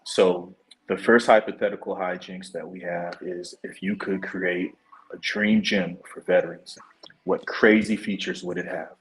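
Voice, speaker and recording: Low-voiced man hosting a comedy podcast. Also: steady tone, a little slow, low-quality recording. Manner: drawling, holding back laughter. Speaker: podcast host.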